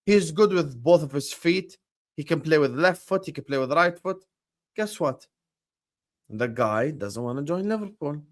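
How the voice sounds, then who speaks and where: A man's voice: a little high, lively intonation, moderate pace. A man hosting a livestream about football, arguing his points emphatically with rhetorical questions. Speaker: streamer and football pundit.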